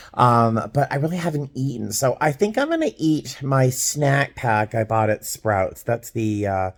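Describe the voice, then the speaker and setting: A man in his fifties talks to his camera from a hotel room, an easygoing flight attendant telling stories. He is chatty and animated and slips into little voices to quote people. His voice sits at an ordinary, mid-range pitch. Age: 50s. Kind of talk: casual vlog chat.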